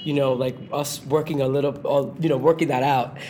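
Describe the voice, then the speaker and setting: A woman host from New York City, a lively storyteller who acts out the voices she quotes in a conversational interview. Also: a bass voice, fairly quick, a little hiss or hum.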